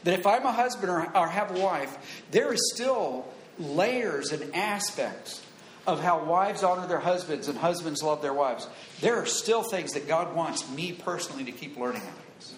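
A man's voice: on the high side, lively intonation, normal speed, a little hiss or hum. A man preaching a sermon to a room, teaching earnestly and quoting scripture with emphatic repetition. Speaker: pastor. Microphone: wired handheld or lapel mic. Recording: echoey room with faint ambience.

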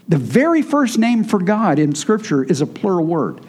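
High-voiced mellow male preacher. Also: big pitch swings, normal speed, few pauses, slightly rough. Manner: teaching, conversational with congregation. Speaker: pastor. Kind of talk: sermon.

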